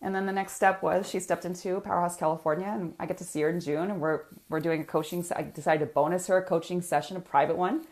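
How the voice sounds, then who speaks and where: A woman's voice: on the low side, steady tone, quick pace, hardly any pauses, darkish tone. A woman business coach, talking energetically to viewers in a live coaching session and reading out their comments.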